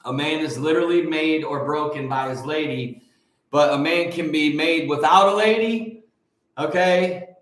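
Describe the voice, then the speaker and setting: A man's voice: a little high, normal speed, fairly bright tone. A man in his forties from Michigan, hosting a casual livestream, greeting viewers by name and rambling in a preachy way. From Michigan, USA. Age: 40s. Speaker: livestream host. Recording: very echoey room.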